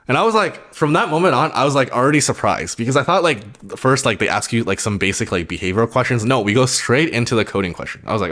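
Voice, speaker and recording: A man's voice: mid-range voice, expressive, fairly quick, a bit bright. A young man casually telling a personal story on his vlog, rambling and filling nearly every phrase with "like". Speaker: vlogger.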